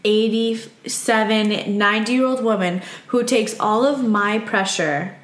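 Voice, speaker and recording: A woman's voice: medium pitch, slow pace. A woman bodywork therapist chatting casually, frank and wry, sharing practical technique tips. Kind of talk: casual podcast chat. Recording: echoey room.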